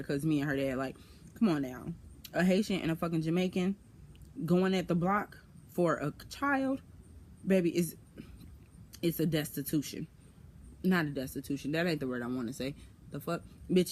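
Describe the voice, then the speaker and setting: A woman chatting casually to her viewers, telling a long personal story, swearing freely and jumping into high voices when she quotes people. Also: husky. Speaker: vlogger.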